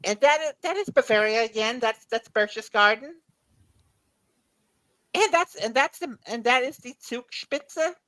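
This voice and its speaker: Give me a rambling, laughing woman telling travel stories, slightly high voice. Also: expressive, measured pace, a bit bright, no echo, poor audio. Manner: rambling, repeats words while recalling, laughs often. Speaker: guest. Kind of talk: casual chat.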